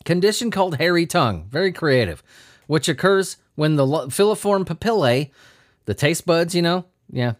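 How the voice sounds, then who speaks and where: A man's voice: a little high, animated, moderate pace, no echo, studio quality. A man hosting a comedy news podcast, riffing on odd stories in a sarcastic, profane way. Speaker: podcast host.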